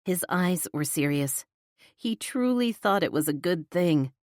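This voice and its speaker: A woman with a low voice narrates a romance audiobook in the first person. Her delivery is intimate and breathy, as if she is confiding in the listener. The sound is dry and close, with no room sound. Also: lively intonation, measured pace, darkish tone, no echo.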